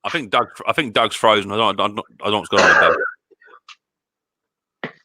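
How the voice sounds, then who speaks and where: Husky british guy rambling on a live stream from his shed, low-ish voice, bright and totally dry close mic. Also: fairly quick, dry recording. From Britain. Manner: chatty, rambling with restarts and fillers. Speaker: live stream host, mower repairer. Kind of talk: casual live stream chat. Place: small cold workshop shed.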